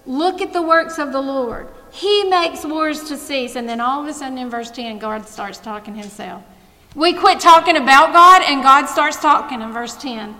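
A woman's voice: high voice, normal speed, sharp tone. A middle-aged woman giving an earnest devotional talk and prayer to a women's gathering, swelling her emphasis on key phrases. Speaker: women's ministry speaker. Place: room with women listeners. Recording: echoey hall, faint ambience.

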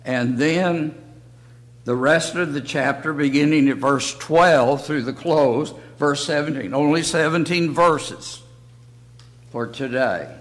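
Slow-talking older man teaching Bible. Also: on the high side. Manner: slow, halting delivery in short phrases. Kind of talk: church Bible lesson. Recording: long reverb of a hall.

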